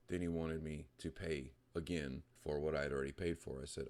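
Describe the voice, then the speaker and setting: A man hosting and narrating a comedy story in a deadpan, sarcastic way. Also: extremely low pitch, fairly quick, few pauses. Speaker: host.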